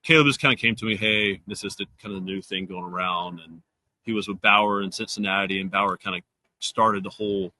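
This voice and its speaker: A man who pitches in baseball, answering interview questions in a relaxed, explanatory way. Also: fairly quick, slight background noise, rough recording.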